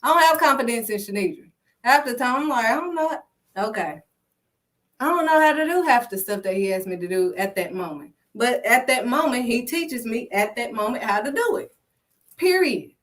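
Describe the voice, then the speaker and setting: A woman's voice: on the high side, lively intonation, normal speed, a bit bright, recorded from a distance. A woman giving a casual preaching talk about faith. She speaks emphatically, punctuates her points with "period" and calls listeners honey and sweetheart.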